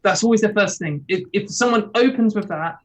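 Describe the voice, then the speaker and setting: A British woman joins over a video call as a guest. She talks in a loose, rambling way, wry and full of fillers, with a voice of middling pitch. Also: fairly quick, low-quality recording. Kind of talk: casual chat.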